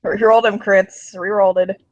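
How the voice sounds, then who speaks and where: A man's voice: high voice, little pitch movement, moderate pace, no room sound, lo-fi sound. Man narrating a tabletop game, dry sound. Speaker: storyteller running the game. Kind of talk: tabletop role-play narration.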